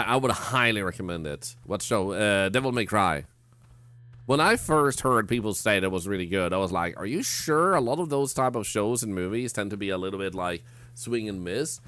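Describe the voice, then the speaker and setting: A man's voice: on the low side, a bit bright. Rambling, self-mocking male game streamer. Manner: rambling and self-mocking, stammers and restarts, jokey asides. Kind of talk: casual livestream commentary while playing.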